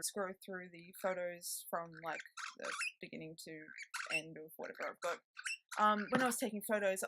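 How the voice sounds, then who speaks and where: Rambling woman on a noisy webcam. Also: fairly low pitch. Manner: rambling, chatty, with frequent ums and self-talk. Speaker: vlogger. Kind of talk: casual chat to camera. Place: indoor room at home with a noisy pet bird. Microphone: laptop webcam mic. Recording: loud background noise from laptop webcam.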